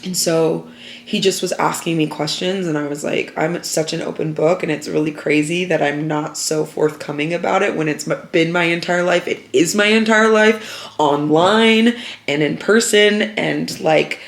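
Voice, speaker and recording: A woman's voice: sits low, vocal fry, reverberant. A young woman vlogger telling a personal story to camera, open and earnest, with lots of fillers.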